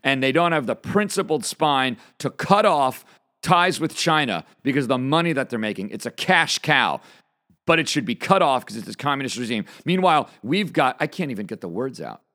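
A man hosting a political commentary show, reading a news story aloud and giving his opinion in an emphatic, indignant way. He says he is fired up and talking fast. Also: mid-range voice, animated, bright, forceful tone. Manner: emphatic and indignant, punching single words.

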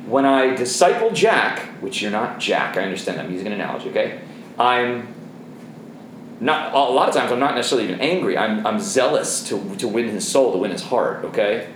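A man's voice: mid-range voice, very animated, fairly quick. Intense zealous man teaching men, roomy echo. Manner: intense and zealous, swinging from soft asides to forceful reading. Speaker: men's Bible study leader. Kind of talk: teaching a Bible study to a group of men. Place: roomy room with a seated group. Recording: roomy echo, faint background noise.

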